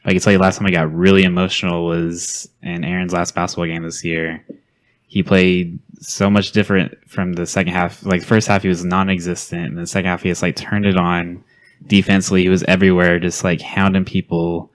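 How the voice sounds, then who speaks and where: A man's voice: low voice, level tone, a little fast. A man appearing as a guest on a podcast, speaking in an earnest, reflective way. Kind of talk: casual chat.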